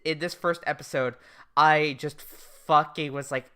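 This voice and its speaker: A woman's voice: low-pitched, fairly even intonation, a little slow, a bit bright, clean tone. A woman co-hosting a casual podcast recap, swearing freely and acting out characters' lines as she retells the plot. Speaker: podcast co-host.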